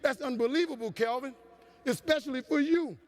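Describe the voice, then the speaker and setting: Stern, caring teacher lady, played by a male speaker, higher voice, echoing hall. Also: fairly quick. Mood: scolding. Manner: firm, scolding. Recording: long hall reverb.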